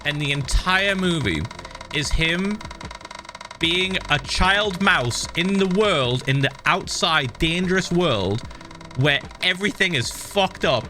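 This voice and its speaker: A man's voice: fairly high pitch, expressive, takes it slowly, noisy background. A man streaming a game, chatting casually and animatedly, swearing and laughing often. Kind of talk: casual livestream chat while gaming.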